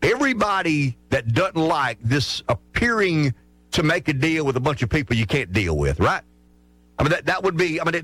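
A man's voice: fairly high pitch, fairly bright tone, dry recording. A male talk radio host giving rambling political commentary, full of restarts and asides.

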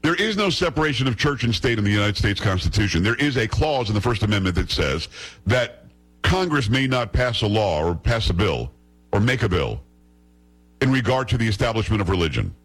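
Male radio host, husky, combative, scornful, opinionated monologue. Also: on the low side, poor audio.

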